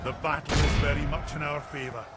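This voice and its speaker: An actor playing a loyal army commander in a fantasy war game, speaking formal, rousing battle lines. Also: male voice, on the high side, fairly even intonation, quick pace, over loud music, lightly acted.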